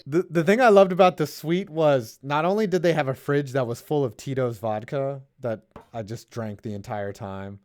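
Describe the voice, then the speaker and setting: A man hosting a casual sports stream, talking loosely and profanely and often trailing off into low mumbles. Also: normal speed, few pauses, darkish tone. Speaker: stream host reading viewer donations.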